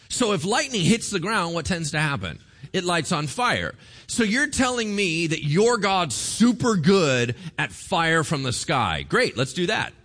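Male pastor, slightly high, bright voice; casual, joking sermon delivery. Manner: lively, jokey and conversational.

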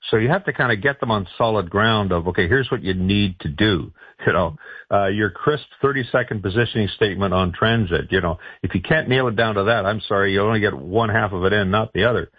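A man's voice: lowish voice, a little fast, breathy edge, no echo, narrow, tinny audio. A man giving political advice in a radio interview, talking loosely with many fillers and restarts. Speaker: political strategist guest.

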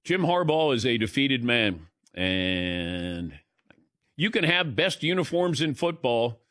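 A man hosting a sports talk radio show, running through the weekend's results in a brisk, wry rundown. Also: mid-range voice, big pitch swings, a bit bright, no echo, studio quality.

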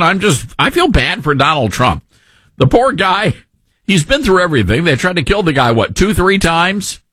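A middle-aged man hosts a call-in radio talk show in a somewhat high, slightly bright voice with no room sound. He's sarcastic and opinionated, mocking people he disagrees with by putting on voices.

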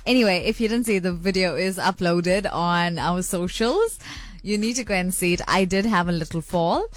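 A woman's voice: fairly low pitch, animated, normal speed, no room sound. A woman presenting a radio show, chatty and bubbly, reading out listener messages and laughing easily. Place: radio studio.

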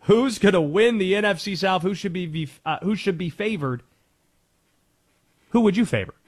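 A man's voice: high-pitched, lively intonation, normal speed, husky. A man hosting a sports talk radio show, emphatic and punchy.

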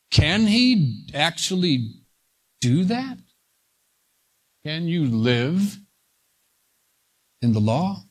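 A man preaching a verse-by-verse Bible sermon, slow and deliberate, leaning hard on single words. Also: a little high, big pitch swings. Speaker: pastor.

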